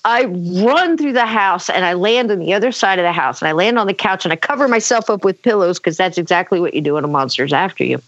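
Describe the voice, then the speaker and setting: A woman telling a personal story in conversation, animated, acting out quotes, with many fillers. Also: on the low side, quick pace, few pauses, no room sound. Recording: dull lo-fi dry sound.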